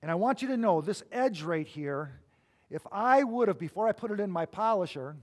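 Animated high-voiced male preacher. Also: moderate pace. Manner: animated, swings between loud emphasis and quiet asides. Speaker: pastor. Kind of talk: sermon.

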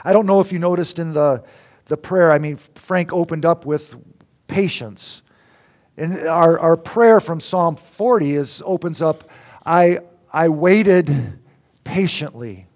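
A middle-aged man preaching a sermon, swinging between loud exclamations and near whispers. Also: high voice. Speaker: pastor.

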